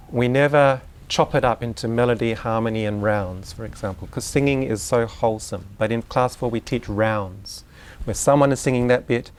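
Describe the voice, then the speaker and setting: A man with a voice of ordinary pitch gives an informal talk to a group of parents. He explains through examples and throws in asides and questions to the room. He sounds like someone speaking in person to a live audience. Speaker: speaker on Waldorf education.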